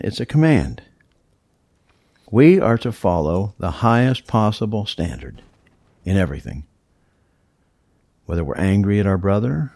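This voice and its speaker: A man's voice: low-pitched, dark tone, dry recording. A male pastor preaching a sermon, teaching verse by verse in an emphatic, explaining way. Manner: teacherly, emphatic, walks through scripture verse by verse.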